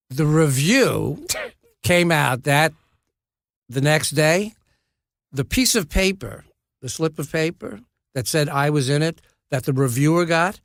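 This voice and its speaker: A man in his seventies, an actor and podcast guest, telling wry, self-deprecating stories in a relaxed way, often restarting his sentences. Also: fairly high pitch, creaky, no echo, studio quality. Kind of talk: casual anecdotal storytelling.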